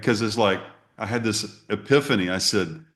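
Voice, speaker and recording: A man's voice: fairly low pitch, normal speed, a bit bright. A middle-aged man, a guest telling a story in a casual way and acting out his own reactions and emails. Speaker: interview guest.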